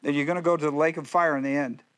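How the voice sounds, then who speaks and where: A male pastor preaching a sermon in a folksy, joking way, full of quick asides and playful jabs at his listeners. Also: on the high side, steady tone, fairly bright tone.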